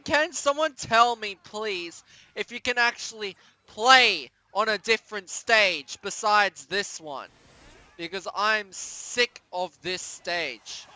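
Male gaming commentator; bright, sharp voice, slow unhurried pace, prone to excitable yelps. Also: high-pitched, smooth, dry recording. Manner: excitable, yelps and repeats words when losing. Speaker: gaming YouTuber. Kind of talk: let's-play commentary.

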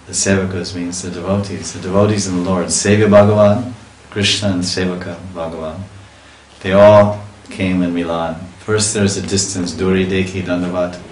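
Deep-voiced man giving a devotional lecture. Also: echoey room, slight background noise, low-quality recording. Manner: animated storytelling, reciting verses and acting out cries of longing. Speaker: swami giving a scripture class.

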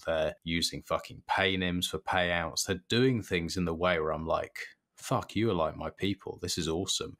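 A man's voice: deep voice, fairly bright tone. A man hosting a podcast, talking bluntly and animatedly and swearing freely. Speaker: podcast host. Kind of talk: casual podcast chat.

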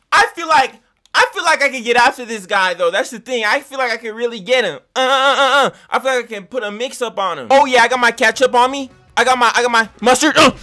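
A man giving loud, slangy play-by-play commentary on his own gameplay, yelling and whooping at the action. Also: very high voice, gravelly. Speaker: gaming channel host. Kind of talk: excited let's-play commentary.

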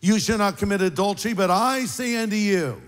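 An older man preaching a sermon as pastor, an animated storyteller with wry, sarcastic asides. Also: sits high, a little fast, big-room sound.

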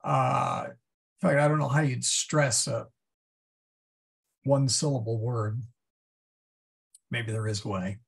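A man teaching a Latin class, explaining step by step and thinking aloud with many pauses and fillers. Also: mid-range voice, fairly even intonation, creaky, breathy edge. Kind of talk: classroom lesson.

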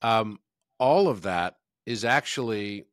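A man hosting a podcast, talking in a reflective, measured way. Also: fairly low pitch, lively intonation, fairly bright tone, no room sound, clean studio sound. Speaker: podcast host. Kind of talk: conversational podcast interview.

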